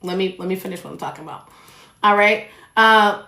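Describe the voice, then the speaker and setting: A young woman hosting her own podcast, talking straight to listeners in a blunt, animated way and swearing freely. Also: medium pitch. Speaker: podcast host. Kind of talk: casual solo podcast monologue. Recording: echoey room.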